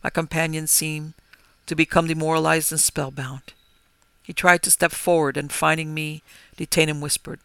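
A man narrating a gothic horror story in a measured, grave manner. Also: fairly high pitch, little pitch movement, vocal fry, clear, resonant tone, no echo. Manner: measured, grave, rising to forceful cries. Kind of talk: dramatic gothic story reading.

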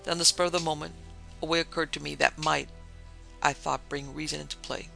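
A man reads a story in a measured, composed narration. His voice is a little higher than most men's, bright and gravelly. Faint music plays quietly behind him. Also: steady tone, poor audio.

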